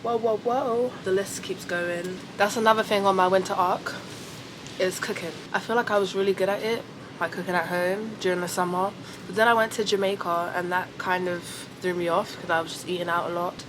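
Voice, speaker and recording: A woman's voice: medium pitch, steady tone, a little fast, noisy background. A young woman chatting playfully to a handheld camera as she vlogs her day, often laughing at herself. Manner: playful, giggly, self-amused. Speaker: lifestyle vlogger. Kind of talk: casual vlog chat to camera. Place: city garden and indoors. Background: music playing.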